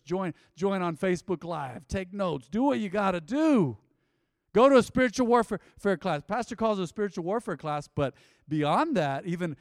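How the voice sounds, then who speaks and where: Casting: male preacher in his fifties, high voice, chatty call-and-response sermon, close dry mic with a long hall tail. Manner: call-and-response, conversational, asks congregation to repeat. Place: church sanctuary.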